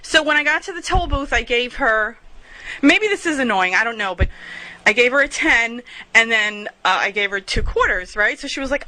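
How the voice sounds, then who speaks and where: A woman's voice: on the high side, expressive, moderate pace, pushed and bright, no room sound, low-quality recording. A woman hosting a podcast, telling stories in a chatty, profane, rambling way on a portable recorder. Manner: chatty, profane, giggly storyteller. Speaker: podcast host. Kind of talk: casual rambling monologue.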